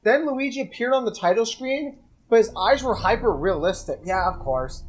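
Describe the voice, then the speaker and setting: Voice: medium pitch, expressive, normal speed, a little hiss or hum. A host reading joke horror stories aloud and breaking off for casual, profane commentary, with frequent laughter. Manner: casual, swears a lot, laughs often.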